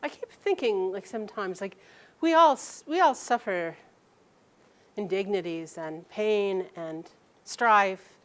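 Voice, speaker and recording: A woman telling a personal story aloud, halting and restarting sentences and acting out the people she quotes. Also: medium pitch, expressive.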